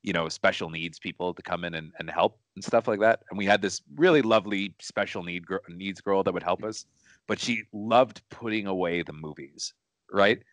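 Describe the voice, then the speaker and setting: Rambling man with a low voice. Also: moderate pace, a bit bright, no room sound. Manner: rambling, repeats words and restarts often. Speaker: co-host. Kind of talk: casual chat. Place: studio.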